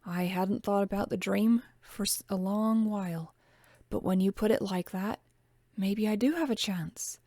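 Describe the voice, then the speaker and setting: A young working-class woman, wistful and eager about her dream of baking, read by a woman narrator. The voice sits at an ordinary middle pitch. The recording is dry and close. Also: a little slow, warm tone, no room sound. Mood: doubtful.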